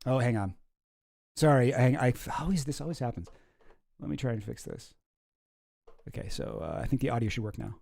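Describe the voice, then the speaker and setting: A man's voice: mid-range voice, expressive, a little fast, gravelly, long pauses, dark tone, no room sound, studio quality. A man hosting a casual comedic commentary video, talking in a rambling, wry way and often cutting himself off mid-sentence. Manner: rambling, self-interrupting, wry. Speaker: YouTube commentary host.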